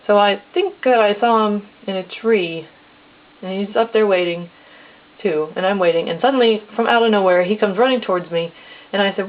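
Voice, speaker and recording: A woman's voice: medium pitch, a little fast. A woman telling a casual personal story step by step, acting out the dialogue in plain quotes. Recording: tinny phone-like lo-fi recording.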